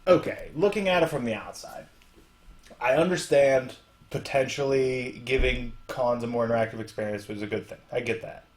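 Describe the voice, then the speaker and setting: Male podcast co-host, casual teasing banter, mid-pitched everyday voice. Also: moderate pace. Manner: joking, teasing banter with restarts. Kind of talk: casual chat.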